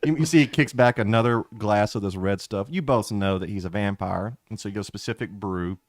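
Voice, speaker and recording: A man narrating as game master of a tabletop game in a relaxed, drawling way. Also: fairly low pitch, brisk, no echo.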